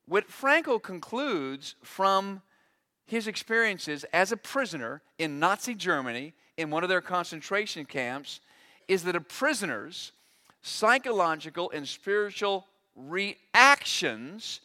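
High, bright-voiced preaching man. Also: takes it slowly. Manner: animated preaching, acting out quoted voices. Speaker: pastor. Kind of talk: sermon.

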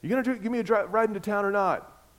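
A man's voice: sits high, quick pace, voice pushed up, natural voice. A man doing a slurring drunk stranded guy. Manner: slurred, stumbling over words.

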